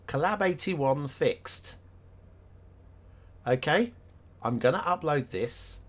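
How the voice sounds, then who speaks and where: A man streaming a city-building game live, chatting casually with viewers, thinking aloud and laughing often; English is not his first language. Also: mid-range voice.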